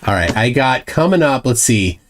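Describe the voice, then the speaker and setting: Man hosting a live stream, lively pitch. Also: normal speed, slight background noise. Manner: mocking, lecturing asides. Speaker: livestream host. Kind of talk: casual live-stream chat reading viewer comments.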